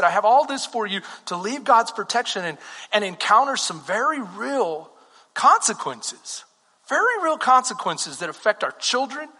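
A man preaching a sermon with fervor, firing off rhetorical questions and emphatic declarations. His voice is unusually high and bright. A long hall reverb trails behind each phrase. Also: husky. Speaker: pastor.

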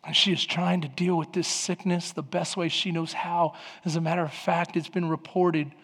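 A man's voice: fairly high pitch, long reverb tail. A man in his forties preaching a sermon as pastor, calling out to the congregation with rising fervor. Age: 40s.

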